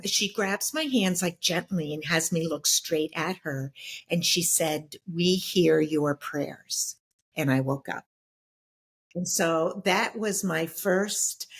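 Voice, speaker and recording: A middle-aged woman telling her personal story as an interview guest, reflective and halting, with many fillers and restarts. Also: on the low side.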